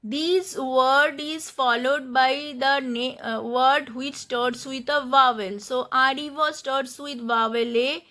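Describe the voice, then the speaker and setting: Casting: female language tutor, high pitch, slow, patient delivery that spells words letter by letter. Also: fairly even intonation, bright, forceful tone. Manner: spells out letters and repeats words while explaining. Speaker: French teacher. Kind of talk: slow explanatory lesson.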